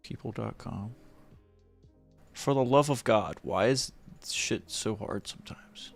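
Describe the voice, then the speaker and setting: A man hosting a live stream, giving an animated, mocking, profane running commentary on a video. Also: fairly low pitch, takes it slowly, gravelly, faint music behind.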